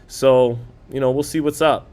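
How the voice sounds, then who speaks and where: A man's voice: medium pitch, steady tone, darkish tone. A man hosting a live boxing watch-party stream, chatting casually, reading viewer comments aloud and calling the fight punch by punch. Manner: quick play-by-play calling of punches.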